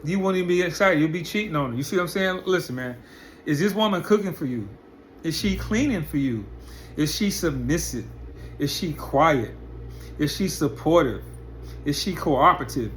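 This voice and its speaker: A man's voice: a little high, expressive, moderate pace, fairly bright tone. A man delivers a blunt, profane commentary monologue, firing off one rhetorical question after another. His voice sits a little above the usual for a man. A faint hiss of noise runs under the recording. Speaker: commentary channel host.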